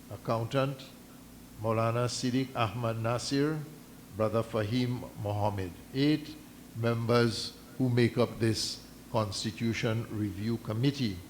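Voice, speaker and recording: A man speaking formally at a community meeting, measured and deliberate, stopping and restarting as he reads out a document. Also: medium pitch, slight background noise. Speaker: mosque community representative addressing a meeting. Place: islamic centre meeting hall.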